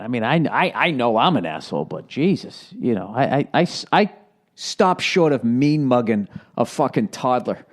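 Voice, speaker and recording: A man's voice: mid-range voice, darkish tone. A man in his forties hosting a casual solo podcast, with a Boston accent, rambling and sarcastic, swearing freely as he tells stories. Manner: rambling, profane, sarcastic storytelling. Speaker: podcast host.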